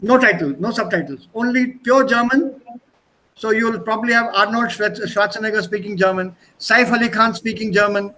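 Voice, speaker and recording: A man's voice: high voice, normal speed, sharp tone, rough recording. A man teaching an online language class over a video call, chatty, repeating words and switching between languages.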